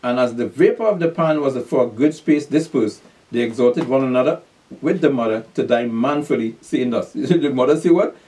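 Man, preacher, bible class, emphatic, asks and answers his own questions, mellow voice, recorded from a distance. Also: medium pitch, normal speed. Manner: emphatic, repeatedly urging listeners to pay attention; reads scripture aloud then explains it in call-and-response questions.

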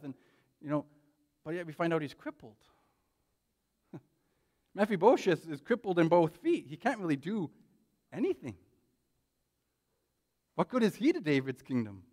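Male pastor, slightly high voice, lively conversational sermon delivery. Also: normal speed, long pauses. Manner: animated, frequent "right?" tag questions. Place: church.

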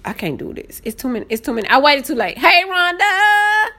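Woman, live-stream host, easily excited, swoops up and down in pitch. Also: fast, vocal fry, husky. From Southern United States. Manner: excitable, greets viewers by name, voice jumps high when excited. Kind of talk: casual live-stream chat.

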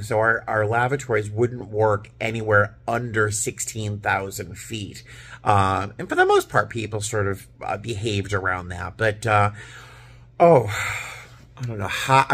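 A tired man from Boston, a flight attendant, chatting casually about his workday with lots of fillers and animated storytelling. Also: fairly low pitch. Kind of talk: casual vlog chat.

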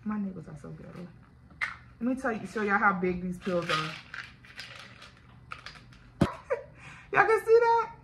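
A woman's voice: on the low side, a little slow, creaky, long pauses, background noise. A woman with a Louisiana accent, chatting candidly and directly to her viewers in a casual video diary. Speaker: vlogger. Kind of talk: casual chat to camera.

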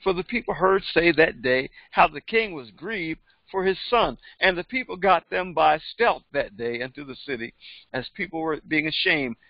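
Here a man with a somewhat high, expressive voice speaks at a moderate pace. As a pastor and Bible teacher, he reads a passage of scripture and then unpacks it conversationally, frequently repeating words. There's no echo, though the audio is dull.

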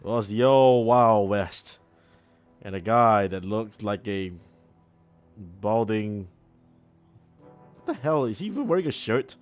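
A man talks over a video game in a loose, sarcastic running commentary, reacting out loud to what's on screen. His voice sits a bit low, and faint music plays underneath. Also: animated, slow, long pauses. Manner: chatty, sarcastic, reacts aloud. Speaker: gaming channel host. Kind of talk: let's play commentary.

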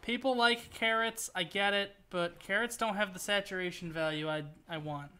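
Male streamer, high voice, bright tone, rambling jokey gameplay commentary, swears at setbacks. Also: normal speed, clean tone. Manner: rambling, joking, swears at the game.

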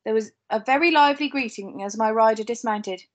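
A woman teacher reads a novel aloud to her class in a steady, unhurried way. Her voice sits a little high, and she corrects small slips as she goes. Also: highs cut off. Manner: steady reading with occasional slips and asides. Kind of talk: reading a novel aloud to pupils.

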